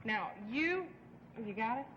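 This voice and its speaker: A woman's voice: fairly high pitch, expressive, measured pace, fairly bright tone. Giggly woman on a 1960s game show. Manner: playful, giggly, mock-formal interrogating. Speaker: celebrity guest. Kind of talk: game show banter, reading comic mysteries. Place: TV studio before an audience. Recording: lo-fi 1960s TV audio with reverb and hiss.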